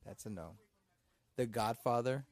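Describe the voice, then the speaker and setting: Loud, joking, profane man. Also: mid-range voice, measured pace. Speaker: podcast host. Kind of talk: casual chat.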